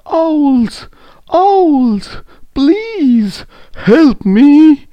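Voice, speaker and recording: A man voicing a proud male lion, storybook tale, gruff boasts, high wailing pleas, very slow, gravelly. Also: very animated, no room sound, lo-fi sound, heavily acted. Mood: pleading.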